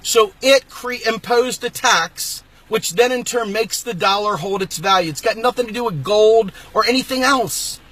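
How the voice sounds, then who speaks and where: A man hosting his own political channel, delivering an angry, emphatic rant and sometimes shouting. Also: sits high, moderate pace, hardly any pauses. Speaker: host of a political video channel. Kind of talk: impassioned political rant to camera.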